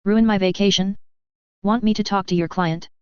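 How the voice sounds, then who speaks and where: A woman's voice: mid-range voice, steady tone, normal speed, darkish tone, clear, resonant tone, no room sound, muffled recording, lightly acted. Woman reading as Brenda, sweetly menacing mercenary. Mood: cold. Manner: sweetly cheerful with a cold edge. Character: cool-headed dangerous woman mercenary, sweet then menacing.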